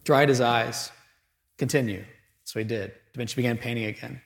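A man preaching a sermon, telling a story with dramatic pauses and moving between loud and hushed delivery. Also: medium pitch, steady tone, creaky, roomy sound.

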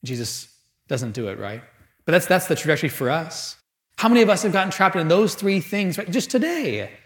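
A man preaching a sermon, telling a story with dramatic pauses and moving between loud and hushed delivery. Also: high-pitched, very animated, roomy sound.

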